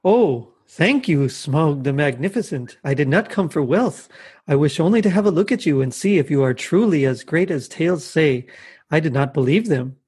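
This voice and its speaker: A man voicing a small cartoon hobbit who flatters a dragon in a formal, careful way. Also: fairly high pitch, moderate pace, husky. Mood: flattering.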